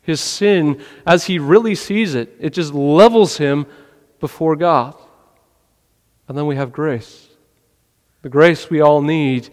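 A man preaching a sermon in an earnest way, asking questions and often dropping his voice low. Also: takes it slowly, pauses often, long reverb tail. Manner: earnest, rhetorical questions, drops to a quiet voice. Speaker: pastor.

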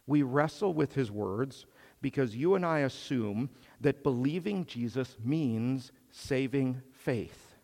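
Man preaching slow in a church, big hall reverb, rises on key words. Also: medium pitch, lively intonation, darkish tone. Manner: slow, measured preaching with emphatic swells. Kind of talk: sermon.

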